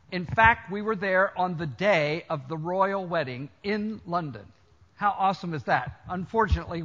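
A man's voice: high voice, a bit bright. An older American man preaching a sermon to a congregation, emphatic and full of stories, in a dull lo-fi recording. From United States. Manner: emphatic, storytelling, addresses congregation directly. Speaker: preacher, college chancellor.

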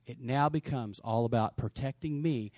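A man preaching a sermon to a congregation, animated, with shouted exclamations and call-and-response. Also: mid-range voice, normal speed, no room sound, studio quality. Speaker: pastor.

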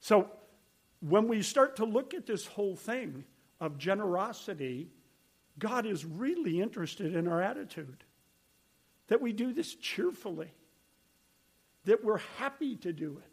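A man's voice: sits high, very animated, measured pace, long pauses, breathy edge. An older man preaching a sermon, telling stories in an earnest, conversational way. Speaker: pastor.

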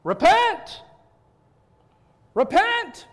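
A man acting out a bold, fiery preacher who yells rebukes at his listeners during a sermon. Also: extremely high pitch, huge pitch swings, extremely slow, in a large hall, pitched above the performer's own voice, heavily acted. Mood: shouting rebuke. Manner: shouted rebuke. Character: fiery male street preacher, scolding and bold.

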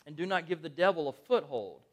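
Male pastor, thirties, high-pitched, casual and conversational sermon style. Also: a little fast. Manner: conversational and animated, asks the congregation questions.

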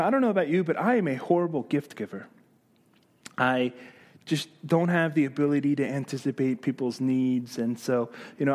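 Man pastor, high-pitched voice, lively sermon delivery with rhetorical questions and light humor.

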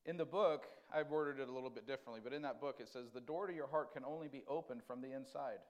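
A man preaching a conversational sermon, asking the congregation questions and swinging between loud emphasis and quiet, tender lines. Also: medium pitch, fast, muffled recording. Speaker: pastor.

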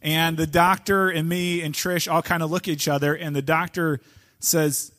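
A man, the pastor, telling a personal story to his congregation with halting restarts before introducing a guest speaker. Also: on the high side, fairly even intonation. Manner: warm anecdotal, halting with restarts. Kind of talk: casual storytelling before a sermon.

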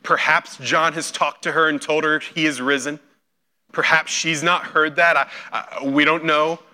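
A man's voice: fairly high pitch, fairly even intonation, unhurried. A man preaching a sermon, retelling a scripture scene and acting out the voices in it. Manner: storytelling, acts out quoted voices with big swings in loudness. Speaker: pastor.

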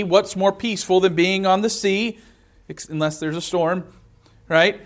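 Man preaching on scripture, slightly high. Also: fairly even intonation, normal speed. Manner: expository preaching, reads scripture aloud, rhetorical questions. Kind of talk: sermon.

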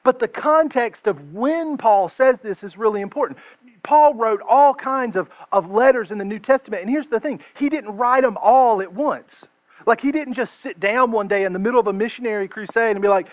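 A male pastor preaching a conversational, humorous sermon and slowing down to stress his key phrases. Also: extremely high pitch, dry recording, muffled recording.

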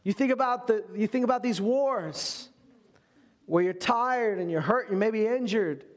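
A man with a notably high voice preaches a sermon. He speaks with lively, animated conviction and slips into playful, self-deprecating humor between the earnest points. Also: normal speed. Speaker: pastor.

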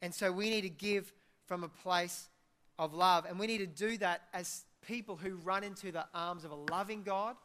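High, bright-voiced pastor preaching. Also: male voice, moderate pace. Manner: conversational and joking, mimics listeners' worried inner voices. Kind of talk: sermon.

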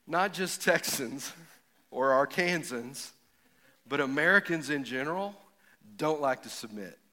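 A middle-aged man preaching a sermon with folksy stories, building from quiet reflection to emphatic punch lines. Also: a little high, lively intonation, measured pace. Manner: folksy storytelling, rising to emphatic, builds up to jokes. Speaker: pastor. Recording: echoey hall with long reverb.

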